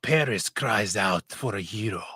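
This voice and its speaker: A man putting on a hushed, dramatic storybook narrator with a put-on Middle Eastern accent, breathy and brooding. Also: on the low side, lively intonation, no room sound, pitched below the performer's own voice, exaggerated voice. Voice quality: breathy half-whisper. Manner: slow, brooding delivery.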